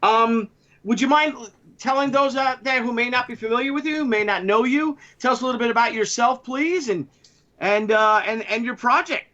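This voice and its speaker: A man's voice: moderate pace, pushed and bright. A man co-hosting a comics podcast over a video call, with theatrical, grandiose introductions. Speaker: co-host. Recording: muffled low-fidelity audio.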